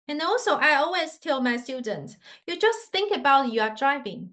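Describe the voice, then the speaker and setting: Speaking slowly and patiently, a woman demonstrates Mandarin tones for learners in non-native English. Her voice is high and a little bright, swinging widely in pitch.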